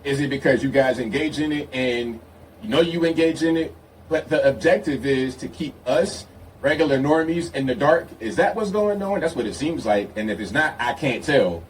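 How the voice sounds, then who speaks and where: A man's voice: medium pitch, expressive, normal speed. A man doing mocking, incredulous commentary on video clips. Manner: mocking, incredulous, laughing asides. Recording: distant mic with faint noise.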